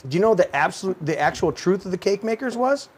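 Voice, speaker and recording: Man ranting heatedly, slightly high voice. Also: lively intonation, fast talker. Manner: heated, profane storytelling rant. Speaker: podcast host. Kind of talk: casual ranting talk show.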